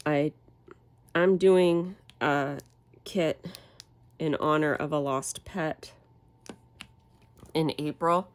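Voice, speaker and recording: A low-pitched woman talks in a slow, unhurried way as she chats while crafting. A cold leaves her voice stuffy and nasal. She rambles and restarts her sentences in a relaxed manner. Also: no echo. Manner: rambling, relaxed, self-correcting. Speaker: crafting channel host. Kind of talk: casual chat while crafting.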